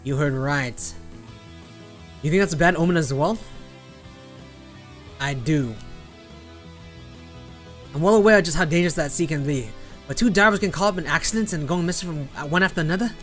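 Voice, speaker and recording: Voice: medium pitch, moderate pace, long pauses, fairly bright tone, soft background music, close to an everyday voice. A streamer voicing a stubborn older island woman in a put-on American Southern drawl, blunt and scolding. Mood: grave.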